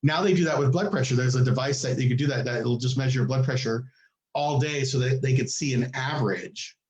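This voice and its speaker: Animated storytelling man, echoey room. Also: a little fast. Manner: animated, acts out quoted people with big pitch jumps. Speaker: podcast co-host. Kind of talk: casual storytelling chat.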